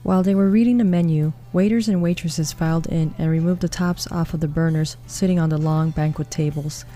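A woman narrates a storybook tale in a calm, even way. Her voice is fairly low and mellow, and soft music plays underneath. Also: fairly quick.

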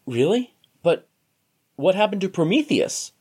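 A stammering, hesitant young farmer's son from a storybook, played by a man. He trips over his words, with a lively, animated pitch. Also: measured pace, breathy edge, exaggerated voice. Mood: curious.

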